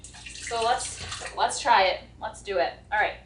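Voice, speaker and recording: A woman's voice: mid-range voice, takes it slowly, a bit bright, a little hiss or hum. Chatty young woman in an echoey kitchen. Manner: chatty, nervous, with restarts and giggles. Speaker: homestead vlogger. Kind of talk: casual kitchen vlog. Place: home kitchen.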